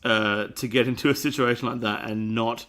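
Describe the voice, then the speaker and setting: A man's voice: medium pitch, fairly even intonation, normal speed, a bit bright. A man co-hosting a podcast in casual chat, rambling and hesitant with many fillers. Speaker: podcast co-host.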